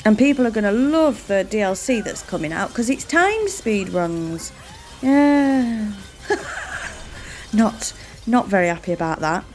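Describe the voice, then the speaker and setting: A woman's voice: medium pitch, big pitch swings, slow pace, soft background music. Chatty woman playing a game. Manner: chatty and rambling, thanks viewers warmly. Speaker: gaming channel host. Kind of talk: let's-play commentary.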